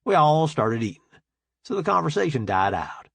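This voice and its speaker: A man narrating a first-person audiobook in a relaxed, conversational way. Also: a little high, normal speed, creaky, slightly rough, no echo.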